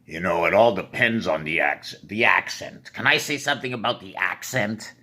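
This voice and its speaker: A man's voice: on the low side, moderate pace, hardly any pauses, sharp tone. A man talking alone in a rambling monologue, jumping between puns and asking himself questions as he goes. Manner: free-associating wordplay, questions to himself. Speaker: vlogger.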